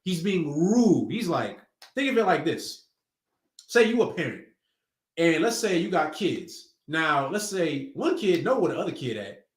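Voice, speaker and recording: Male preacher, conversational slangy delivery, animated, echoey room. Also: fairly high pitch, measured pace. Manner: casual street slang, conversational. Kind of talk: sermon teaching.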